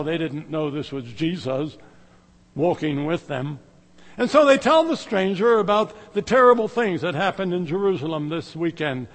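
A middle-aged man preaching a sermon, swinging between loud exclamations and hushed, slow lines. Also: sits high, big-room sound.

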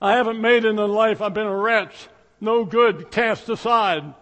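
A man's voice: high voice, unhurried, fairly bright tone, in a large hall. A male preacher voicing a humble, dying male thief who pleads and repeats himself. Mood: pleading.

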